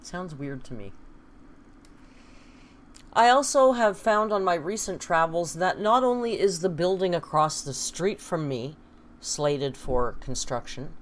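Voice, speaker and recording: A woman livestreams casually from inside her home, chatty and wry as she reads viewer comments aloud. Her voice is fairly low-pitched, with a little hiss or hum on the recording.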